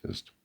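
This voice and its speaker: An Australian man giving a sarcastic, profane running commentary outdoors beside a golf green. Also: a little mellow. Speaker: vlogger.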